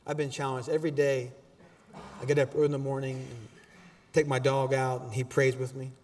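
A man preaching a sermon as pastor in a church auditorium, animated and exhorting, with casual asides to the congregation. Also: mid-range voice, brisk, long reverb tail.

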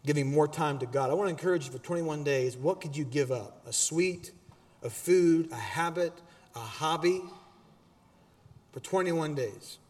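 A man preaching a sermon as pastor in a church auditorium, animated and exhorting, with casual asides to the congregation. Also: on the high side, moderate pace, big-room sound.

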